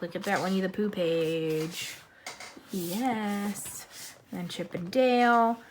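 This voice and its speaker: A woman's voice: medium pitch, fairly bright tone, a little hiss or hum. A woman vlogger chatting casually about a coloring book haul, gushing and bubbly, while losing her voice. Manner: bubbly, gushing, repeats 'super'. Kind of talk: casual chat.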